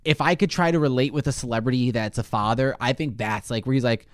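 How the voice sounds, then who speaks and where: A man co-hosting a casual podcast chat, rambling with stammered restarts, swearing freely and getting excited. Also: mid-range voice, fast, no room sound, clean studio sound. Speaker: podcast co-host.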